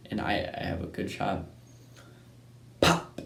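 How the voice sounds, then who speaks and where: A man's voice: on the low side, a little slow, gravelly. A young man from Texas, casually telling a hunting story in a rambling way and often tagging on "right?". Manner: rambling, keeps asking "right?" and saying "anyways". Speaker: hunting channel host. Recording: echoey room with faint noise.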